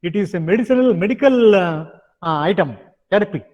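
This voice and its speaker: A man's voice: sits high, animated, brisk, in a large hall, lo-fi sound. A man with an Indian English accent, teaching a yoga lesson in an insistent way and repeating his points. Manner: insistent, repeats words like "now" and "understand". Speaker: yoga instructor. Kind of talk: online yoga lesson with demonstrations.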